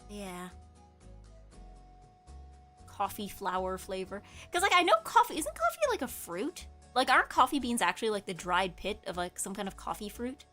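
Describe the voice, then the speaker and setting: A woman's voice: medium pitch, sing-song, moderate pace, bright, forceful tone, faint music behind. A woman streamer in casual chat, rambling and correcting herself, with lots of filler words. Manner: rambling, chatty, many filler likes, self-correcting.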